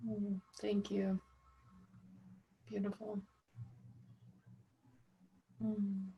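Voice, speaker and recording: Slow, breathy woman hosting a call. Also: medium pitch, completely flat delivery, highs cut off. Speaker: call facilitator. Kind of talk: facilitating a group call.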